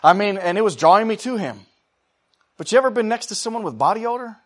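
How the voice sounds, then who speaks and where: A man preaching with a fairly high voice. He moves between fervent, rising exhortation and quiet, chatty anecdotes. He often pauses to draw an "amen" from the congregation. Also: expressive. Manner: swings between loud fervent exhortation and quiet conversational storytelling; calls for responses from the congregation. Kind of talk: sermon.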